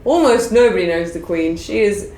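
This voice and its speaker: A young woman with a British accent jokes with dry, deadpan timing, her voice swooping up and down. She sounds like she's in an echoey room. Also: medium pitch, normal speed. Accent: British English. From Britain. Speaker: comedy YouTuber. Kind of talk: casual comedy chat.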